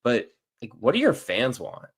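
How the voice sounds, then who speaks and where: A man from near St. Louis, a guest reporter giving opinions on college football in casual, animated talk, filling it with "like.". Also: medium pitch, moderate pace, creaky, husky. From near St. Louis, US Midwest.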